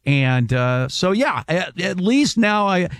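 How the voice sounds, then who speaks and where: A man's voice: high voice, very animated, slow pace, fairly bright tone, dry recording, clean studio sound. A middle-aged man co-hosting a radio show, chatting casually and explaining sports facts. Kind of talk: casual talk radio chat.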